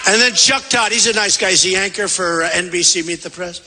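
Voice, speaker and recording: A man's voice: sits high, fairly quick, sharp tone, slight background noise. A man giving a rambling, repetitive campaign rally speech from a podium in a large convention hall. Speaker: political candidate at a rally. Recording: long reverb of a big hall.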